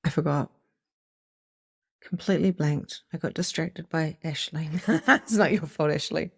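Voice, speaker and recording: A middle-aged woman giving an animated, casual motivational talk as a spiritual coach, swearing freely and acting out inner voices. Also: low voice, unhurried, vocal fry, breathy edge, no room sound, studio quality. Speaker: psychic medium and spiritual coach.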